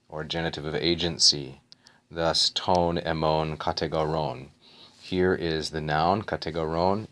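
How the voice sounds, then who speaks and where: A man teaching a grammar lesson, working through a text and parsing each word in a slow, methodical way. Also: extremely low pitch, sharp tone. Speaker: Greek teacher.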